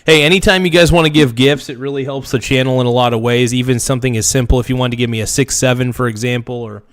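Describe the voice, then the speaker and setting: Man, livestream host, mocking rants, dry close mic, mid pitch. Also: fairly even intonation, quick pace, no echo. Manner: blunt, mocking, rambling asides. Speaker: streamer host. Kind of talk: livestream political commentary.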